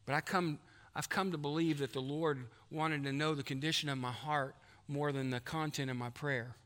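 A man's voice: fairly high pitch, fairly even intonation, normal speed, fairly bright tone. A man, preaching a folksy sermon as pastor of his church. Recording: long hall reverb.

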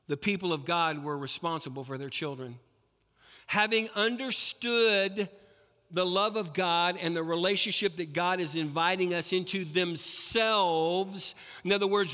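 A male pastor delivers a sermon in a high, bright, forceful voice. He swings between loud, emphatic peaks and hushed, low passages. The sound rings with a long reverb from a large church hall.

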